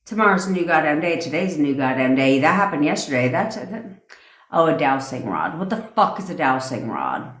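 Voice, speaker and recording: A woman's voice: on the low side, roomy sound. A woman coaching on a livestream, ranting bluntly and profanely and answering viewers' comments. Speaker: manifestation coach. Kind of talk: casual livestream rant.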